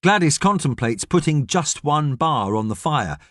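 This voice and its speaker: A man reading a novel aloud in measured scripted narration. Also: fairly high pitch, sing-song, fairly bright tone, no room sound, studio quality. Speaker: audiobook narrator. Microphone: studio microphone.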